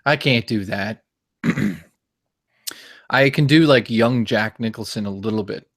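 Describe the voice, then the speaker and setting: A man's voice: fairly low pitch, slow. A young man, a guest YouTuber, chatting casually and joking around with impressions. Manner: jokey, trying out silly impressions. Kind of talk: casual livestream chat.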